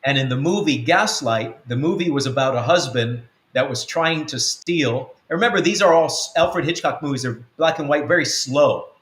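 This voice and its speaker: This spiritual coach and mentor has a slightly high, animated voice with a bit of brightness, moving at a moderate pace with hardly any pauses. He teaches in a rambling, um-filled style on a web-church show, performing bits of quoted dialogue, and the room's echo is noticeable.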